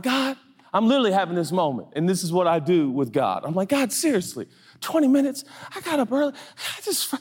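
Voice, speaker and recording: A man in his forties with a high, bright voice preaches with humor, telling a self-mocking story and acting out the voices in it. His voice rings with a long reverb, as if heard in a big hall. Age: 40s. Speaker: pastor.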